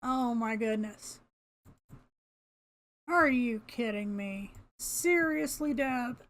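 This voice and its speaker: High-voiced older woman chatting while gaming. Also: slow pace, fairly bright tone. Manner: chatty, talks to herself, laughs often, mild cursing. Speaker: gamer. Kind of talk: casual gameplay commentary.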